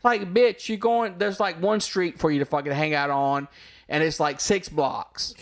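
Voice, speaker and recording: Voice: mid-range voice, steady tone, measured pace. Blunt, swearing podcast voice. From Louisiana. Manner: blunt, swears freely, rambling storyteller. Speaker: podcast co-host. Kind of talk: casual chat.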